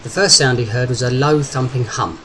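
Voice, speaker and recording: A man narrates in a steady, even reading voice at a middle pitch. A constant noisy hiss sits under the recording. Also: normal speed. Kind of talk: audiobook narration.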